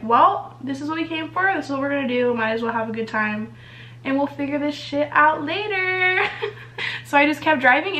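Animated high-voiced young woman telling a story. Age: young adult. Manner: animated, swears a lot, laughs often. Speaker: vlogger. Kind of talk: storytime vlog while doing makeup.

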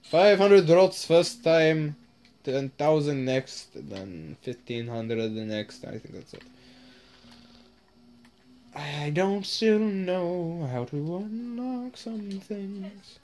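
Slow, lively-voiced woman gaming. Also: low voice. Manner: casual, swears often, drawls. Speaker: gamer. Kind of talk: gaming commentary.

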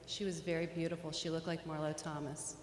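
A woman's voice: sits low, flat delivery, fairly quick. A middle-aged woman telling a personal story in an earnest speech, with small stammers, in a large hall. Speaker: hall of fame inductee giving a speech. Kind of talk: acceptance speech. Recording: echoey hall, long reverb, faint noise.

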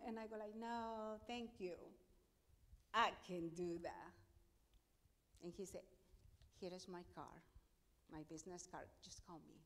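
A woman's voice: on the low side, fairly even intonation, unhurried, long pauses, a bit bright. A middle-aged woman pastor with a Spanish accent, telling her testimony in a sermon and acting out the dialogue with emphasis. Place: church sanctuary. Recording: long hall reverb.

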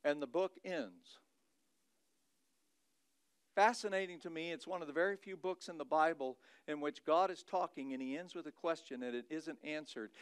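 Midwestern pastor, male, high smooth voice, dramatic scripture reading, dry close sound. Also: no echo. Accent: Midwestern American. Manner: dramatic reading of scripture, swinging from loud to hushed. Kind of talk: sermon.

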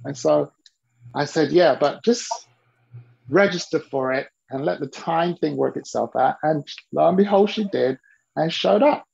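A business mentor tells a story with a gravelly, husky edge to his voice. He is animated and acts out the people he quotes. The call audio is dull and lo-fi. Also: fairly high pitch, a little slow. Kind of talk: storytelling to an interviewer.

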